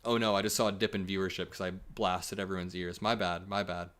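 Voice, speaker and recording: A man hosting a livestream, reacting to clips and posts in an energetic, joking way and laughing often. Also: sits low, a little fast. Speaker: political commentary streamer.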